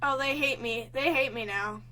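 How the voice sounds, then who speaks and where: Excitable high-voiced young woman gamer. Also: normal speed, background noise. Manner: excitable, gasping, panicky exclamations. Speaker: gaming channel host. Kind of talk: let's play commentary.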